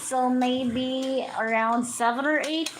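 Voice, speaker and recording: A woman's voice: high-pitched, slow pace, noisy background. A woman vlogger chatting casually and talking sweetly to her pet birds in a coaxing, sing-song way. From Philippines. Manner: coaxing, sing-song baby talk to birds, mixing English and Tagalog.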